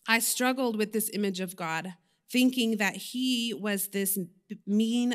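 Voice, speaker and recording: A woman's voice: medium pitch, fairly bright tone. A woman, giving a personal, conversational sermon in a church, candid and confessional, with frequent fillers and self-corrections. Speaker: lay preacher.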